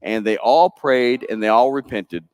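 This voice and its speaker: A man pastor, telling a Bible story to children in church with lively, playful asides. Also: mid-range voice, measured pace, smooth, no room sound. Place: church sanctuary.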